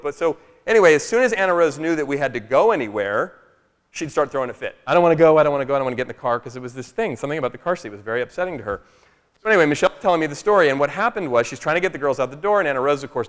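A man telling a family story to a live workshop audience in an animated, chatty way, often asking "right?". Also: a little high. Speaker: speaker at a workshop. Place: large room with a live audience. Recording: long echo of a large hall.

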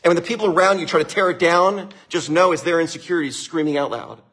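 A man's voice: fairly high pitch, quick pace, fairly bright tone, husky. A man who owns a winery giving an enthusiastic, repetitive motivational talk, laughing often.

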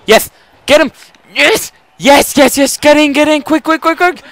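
A young man commentating his own wrestling video game match live, excitable and swearing, shouting at the screen. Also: extremely high pitch, unhurried, no room sound.

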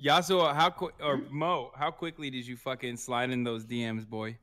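A man in a casual livestream chat who talks bluntly, swears freely and gets heated quickly. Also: medium pitch, level tone, bright, forceful tone. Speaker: co-streamer.

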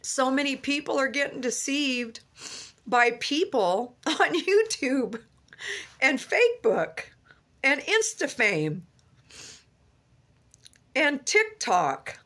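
A woman's voice: high voice, very animated, takes it slowly, pauses often, fairly bright tone. Earnest woman preaching from her car. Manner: earnest, rambling, with many restarts and "you know". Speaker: Christian vlogger. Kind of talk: fervent religious monologue.

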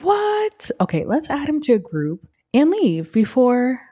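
A woman's voice: fairly high pitch, sing-song, mellow, slightly rough. Chatty young woman narrating gameplay. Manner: chatty, voices characters in quick asides. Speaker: let's play gamer. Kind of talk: casual gameplay commentary.

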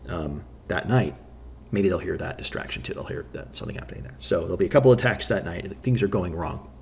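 A man's voice: sits low, vocal fry, a little hiss or hum. A man who runs a tabletop game, talking through his campaign prep and thinking aloud with many restarts. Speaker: game master. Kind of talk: solo talk on campaign prep.

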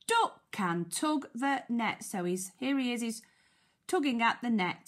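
Reading a picture book to young children, this British primary school teacher sounds out letters and poses questions in a slow, sing-song manner. Her fairly high voice moves through big pitch swings.

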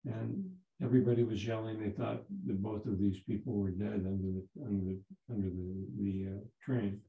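A man in his seventies, a Zen teacher giving a dharma talk, telling a story in a halting way with many restarts. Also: fairly low pitch, little pitch movement, vocal fry, phone-quality sound. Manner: halting, repeats words and restarts. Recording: roomy echo.

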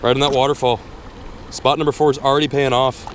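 A young man vlogging a fishing trip in casual chat, who gets loud and excited when fish bite. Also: medium pitch, quick pace, a little hiss or hum. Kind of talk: casual vlog narration. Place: outdoors at city ponds, later in a car.

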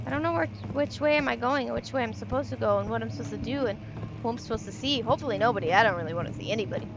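Jumpy, high-voiced young woman gamer. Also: rapid-fire, dull audio, music in the background. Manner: jumpy, swears, talks back to the game. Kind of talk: casual gameplay commentary. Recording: noisy recording.

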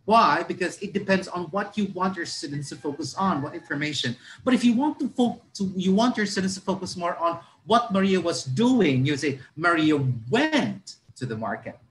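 Man teaching with raised pitch. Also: expressive, brisk, hardly any pauses, a little hiss or hum, rough recording. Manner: restarts a lot, models stressed words aloud. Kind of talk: explaining listening lessons.

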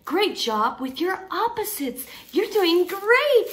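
A young woman speaks to toddlers in a high, lively voice that swoops up and down. She talks very slowly and brightly, in a sing-song, encouraging teacher's manner with gasps of delight. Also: slight background noise. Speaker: children's teacher. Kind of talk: toddler learning video.

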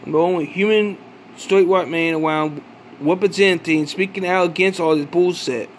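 A man with a notably high speaking voice vents in an accusatory vlog monologue. He fires off profane questions and stumbles into restarts as he goes. A faint background hum sits under his voice. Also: moderate pace. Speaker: vlogger. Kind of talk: angry ranting monologue.

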